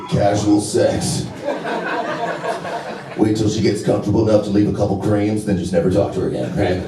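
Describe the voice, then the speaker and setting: A man in his thirties doing a crude, brash stand-up set with deadpan asides on a comedy club stage. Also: low-pitched. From United States. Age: 30s. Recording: roomy club audio from a distance. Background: audience laughter.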